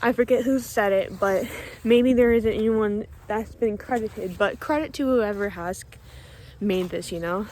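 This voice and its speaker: A young woman vlogger walks outdoors beside a pond, chatting casually and a little emotionally, slightly breathless from the cold. Her mid-range voice is soft-spoken and measured, and she laughs often.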